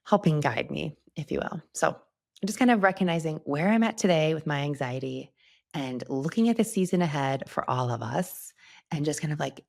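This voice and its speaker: A woman's voice: sits low, animated, moderate pace, creaky, darkish tone. A middle-aged woman hosting a solo podcast, talking candidly and chattily, often laughing as she goes. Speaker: podcast host. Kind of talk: casual solo podcast talk.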